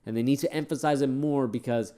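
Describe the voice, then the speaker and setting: A man's voice: mid-range voice, steady tone, fast, dark tone. A tired man talks through a wrestling event in casual, rambling commentary. He is opinionated and wanders off track, with frequent fillers along the way. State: tired, yawning. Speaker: wrestling show reviewer.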